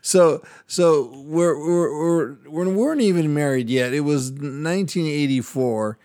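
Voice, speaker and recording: Animated older man telling a story. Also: on the high side, a little slow, no echo, clean studio sound. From Latin American heritage, United States. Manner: animated storyteller, acts out voices, laughs often. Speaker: radio and podcast host. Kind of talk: casual storytelling chat.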